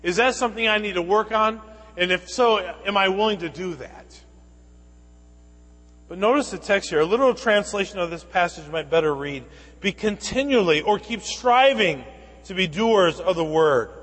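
Male pastor, high voice, sermon delivery that swings from loud to hushed, church hall reverb. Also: animated, moderate pace.

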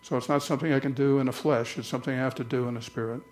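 A man preaching a conversational church sermon, slowing down to read scripture aloud. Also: mid-range voice, steady tone. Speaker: pastor.

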